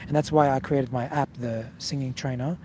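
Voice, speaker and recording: A man's voice: medium pitch, fairly even intonation, moderate pace, a little mellow, a little hiss or hum. A man teaching singing in a casual video lesson, talking straight to the viewer and checking in with frequent "okay?"s. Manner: direct, coaching, frequent "okay?" check-ins.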